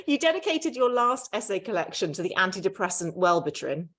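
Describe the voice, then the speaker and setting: A British woman opens a livestreamed author event with a smooth, prepared introduction. She sounds effusive and polished, with a mid-range pitch and a steady, even pace, heard over a video call. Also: a little fast. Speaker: event host and interviewer.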